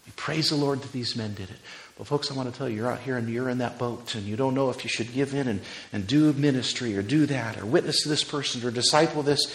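A man's voice: medium pitch, moderate pace. Fervent preaching man in an echoey church. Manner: swings from loud fervent preaching to soft prayer. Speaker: pastor. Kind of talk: sermon and closing prayer.

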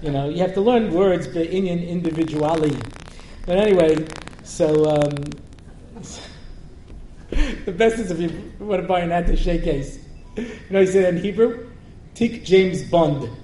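A man giving a Torah class as a rabbi, telling the story with animated humor and translating Hebrew verses as he goes. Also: high-pitched, moderate pace, pauses often. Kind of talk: Torah lecture with humorous asides. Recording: roomy lecture-hall recording with faint noise.

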